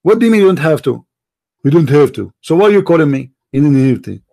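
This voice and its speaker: A high-voiced man with an Arabic accent runs a heated call-in debate. He is a native Arabic speaker who talks loudly in broken English. He mocks the caller and keeps pressing him for an answer. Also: big pitch swings, quick pace, creaky, heavy background noise. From Middle East. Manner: loud, mocking, badgering, broken English. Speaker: host.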